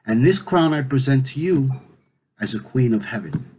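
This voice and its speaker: A man voicing a stern, all-knowing male god-king who speaks in a measured way, at his own natural pitch. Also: animated, a little hiss or hum, natural voice, poor audio. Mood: solemn. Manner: stern, measured, then gentle.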